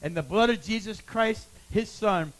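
A middle-aged pastor preaching a sermon, swinging from loud calls to hushed, quiet lines. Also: male voice, sits high, measured pace, low-quality recording.

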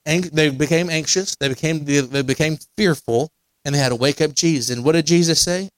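Male pastor, conversational sermon delivery that climbs to emphasis; slightly high pitch. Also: a little fast, no room sound. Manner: conversational preaching with repetitions and restarts, rising to emphatic. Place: church sanctuary.

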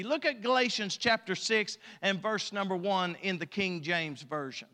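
A male pastor preaching a sermon, emphatic and folksy, his loudness rising and falling. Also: high-pitched, normal speed, hardly any pauses. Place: church sanctuary. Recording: long church hall reverb.

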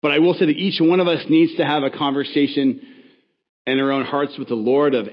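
A man's voice: fairly high pitch, fairly even intonation, a little fast, lo-fi sound. A man preaching a sermon as pastor, in a conversational, casual manner with frequent self-corrections and asides.

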